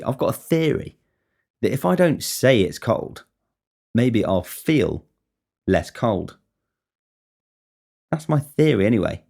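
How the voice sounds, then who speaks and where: A man's voice: on the low side, darkish tone, breathy edge. A man talking casually on his podcast in a rambling monologue, swearing constantly and wryly. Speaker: podcast host.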